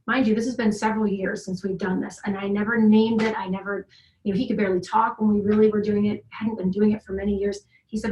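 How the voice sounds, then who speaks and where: A woman's voice: mid-range voice, little pitch movement, a little fast, a little mellow. A middle-aged woman tells a long family story in a loose, rambling way and keeps restarting her sentences. Her voice sits mid-range, and the room adds a noticeable echo. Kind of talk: casual conversation. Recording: roomy echo.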